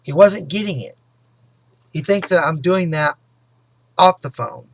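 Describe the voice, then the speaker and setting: A man with a gravelly, creaky voice talks casually to his viewers, rambling through a personal story. He keeps looping back with "anyway" and "you know" and sometimes speeds up and gets loud. The sound is close and dry, with no room echo. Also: fairly high pitch. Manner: talks fast and loud at times. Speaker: vlogger.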